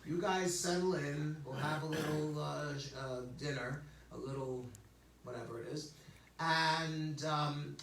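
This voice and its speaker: Brief: a laid-back, chatty male prophet, as a rabbi puts him on, bright voice, distant mic in a roomy hall. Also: a little high, fairly even intonation, measured pace, slight background noise. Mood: breezy. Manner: chatty, easygoing, offhand. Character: Bilam, male prophet, casual hospitable host. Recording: echoey hall, mic far off.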